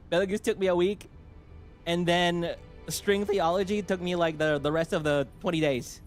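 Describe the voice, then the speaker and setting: A man streaming casually as a VTuber, telling a rambling, animated story with laughs and restarts. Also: high-pitched, normal speed, soft background music.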